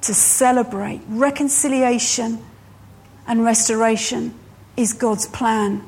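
A woman preacher delivering a sermon in a high voice. She takes her time, leaning on each phrase and repeating lines for emphasis. Her pace is slow and deliberate throughout. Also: fairly even intonation, a little mellow, slightly rough.

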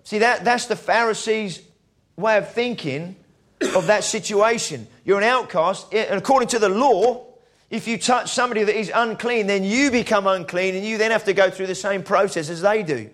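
Here the preacher's high-pitched, slightly bright voice moves at a moderate pace with hardly any pauses. He tells his sermon's stories conversationally, acting out the people in them.

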